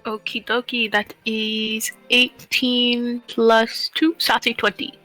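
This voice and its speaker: A woman's voice: on the high side, little pitch movement, slow, sharp tone, faint music behind, low-quality recording. A woman playing a tabletop game, talking cheerfully in character and out. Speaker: player.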